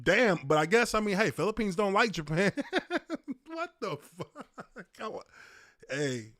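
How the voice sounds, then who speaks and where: A man in his thirties streaming a reaction to an old clip, blurting loud profane exclamations and laughing between remarks. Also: sits high, very animated, a little slow, no echo, studio quality. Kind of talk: casual reaction commentary.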